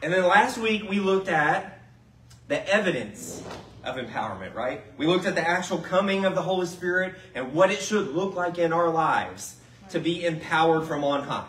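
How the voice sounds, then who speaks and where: A male pastor gives a chatty sermon, his pitch sitting a bit high and moving a lot. He keeps turning to the congregation with questions. The mic is some way off, so the sound is roomy. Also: expressive, normal speed, a bit bright, distant mic. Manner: conversational, asks the congregation questions. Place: church sanctuary.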